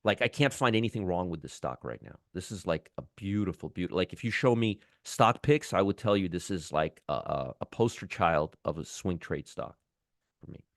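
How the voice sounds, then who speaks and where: A deep-voiced man hosts a trading show in a loose, enthusiastic way, repeating words and breaking off phrases as he goes. His voice is close and dry, with no room sound around it. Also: animated, moderate pace, fairly bright tone, no echo. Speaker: stock trading show host. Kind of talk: casual market commentary.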